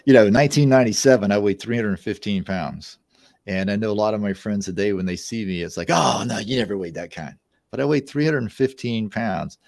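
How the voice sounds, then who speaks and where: A man in his sixties, a mind-body therapist, is a podcast guest in a conversational interview, telling personal stories in an easygoing, anecdotal way with restarts. His voice is on the low side, brisk, creaky and darkish. The recording is dry and studio quality.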